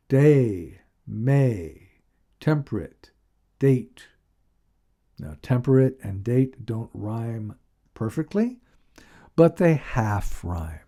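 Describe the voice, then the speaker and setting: A man's voice: medium pitch, big pitch swings, mellow. A man giving a recorded literature lecture, reading a poem aloud and then explaining it with frequent ums and uhs. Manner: slow, measured reading with frequent fillers.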